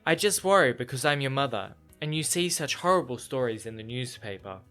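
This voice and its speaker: A man's voice: medium pitch, lively intonation, a little fast, a bit bright, faint music behind, close to an everyday voice. A man voicing a fretful, passive-aggressive middle-aged mother, reading her lines in a clipped, prim way.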